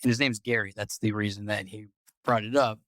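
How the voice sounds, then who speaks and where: A podcast host with a fairly low, steady, slightly bright voice talks briskly through a long story, rambling, swearing and repeating words. There's no room sound.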